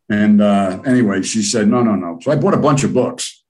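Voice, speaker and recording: Here an older man from the United States, interviewed casually as a guest, rattles off long, rambling, profanity-filled stories in a lowish voice, talking fast and animatedly.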